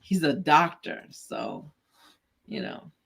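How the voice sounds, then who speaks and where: A woman co-hosting a tech podcast in casual chat, talkative and quick to laugh, acting out the lines she quotes when telling a story. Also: low-pitched, creaky, fairly bright tone, breathy edge. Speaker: podcast co-host.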